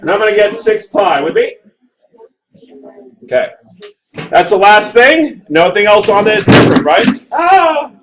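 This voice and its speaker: Against a noisy background, a man with a high-sitting voice teaches math in an unhurried way, pausing often. He's animated in this classroom lecture, working through graphs aloud and asking his students for checks.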